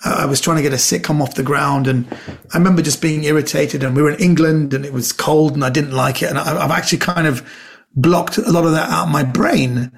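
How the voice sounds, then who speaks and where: A man's voice: on the high side, fairly even intonation, brisk, gravelly. A middle-aged man, a comedian guest on a podcast, chatting casually and telling rambling stories, acting out the quotes.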